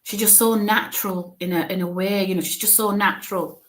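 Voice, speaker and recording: A woman medium relays impressions in a live reading with a mid-range voice. She talks haltingly, often breaks off to search for a word, repeats herself and keeps checking in with the listener. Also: mid-range voice, steady tone. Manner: searches for words mid-sentence. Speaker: spiritualist medium.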